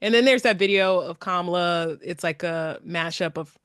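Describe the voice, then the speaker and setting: A woman co-hosting a podcast, chatting casually and animatedly, laughing often between quick asides. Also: lowish voice, a bit bright, clean tone, no room sound, studio quality. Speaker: podcast co-host. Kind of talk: casual chat.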